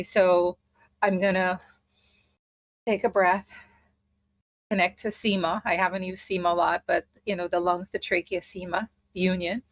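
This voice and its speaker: A woman's voice: on the low side, no echo. A woman teaching a spiritual study group in a casual way, thinking aloud as she explains a method step by step.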